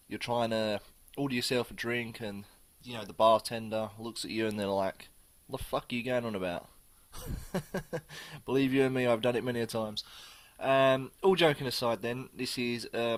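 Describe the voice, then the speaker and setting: A man's voice: mid-range voice, fairly bright tone. Chatty man reviewing beer. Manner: chatty and rambling, with swearing and frequent self-corrections. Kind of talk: casual video review.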